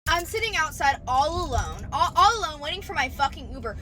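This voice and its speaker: A woman's voice: high-pitched, sing-song, a little fast. A 21-year-old college woman, drunk, ranting and swearing into her phone while sitting outside a bar. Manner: swearing, indignant rant. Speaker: college student. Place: outdoors outside a bar at night. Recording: phone recording with loud music behind.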